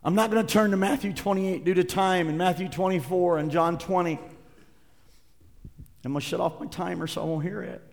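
Male pastor preaching, slightly high voice, shifts between fervent and hushed delivery. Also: steady tone, a little fast, vocal fry, big-room sound. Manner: impassioned, swinging from loud preaching to hushed reading. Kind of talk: sermon.

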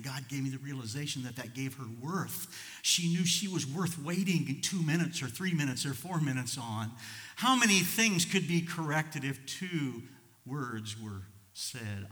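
An older man preaching a sermon, telling personal stories in a folksy, impulsive way that swings from soft to loud. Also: medium pitch, animated, a little fast, big-room sound. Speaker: pastor.

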